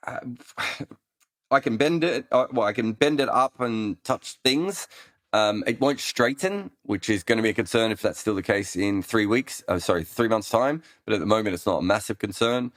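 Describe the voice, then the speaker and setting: A man's voice: mid-range voice, a little slow, fairly bright tone, no echo, studio quality. A man hosting a live cricket Q&A, rambling through answers with many ums and restarts. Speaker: cricket analyst host answering listener questions. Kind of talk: casual live Q&A chat.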